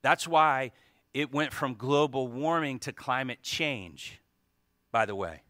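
A male pastor preaching a sermon with emphatic delivery, swinging from hushed asides to loud, fervent climaxes. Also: mid-range voice, slow, no room sound, clean studio sound.

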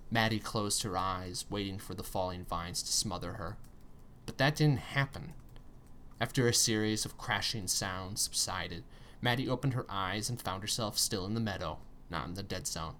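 A man with a low, grounded voice reads a story aloud. He leans into the drama with tense pauses and pointed emphasis. A faint hiss sits under the recording. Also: bright, forceful tone. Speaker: story reader. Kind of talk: expressive storytelling narration.

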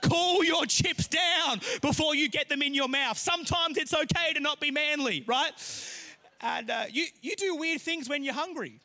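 High, bright-voiced male preacher. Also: moderate pace. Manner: animated storytelling, rising to shouts. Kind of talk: sermon with a personal story.

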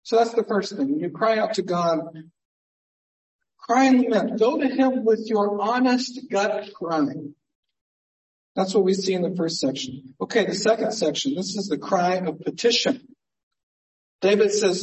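A male pastor preaches unhurriedly in a high, slightly mellow voice with lively intonation, earnest and conversational and fond of rhetorical questions. The far-off mic catches the echo of the church sanctuary.

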